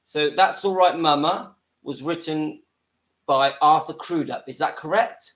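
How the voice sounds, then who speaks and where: A man's voice: fairly high pitch, a little slow, poor audio. A man hosting a casual live stream from his home, chatting to viewers and breaking off to deal with his family. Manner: chatty, talks to viewers, breaks off to hush children. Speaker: livestream host.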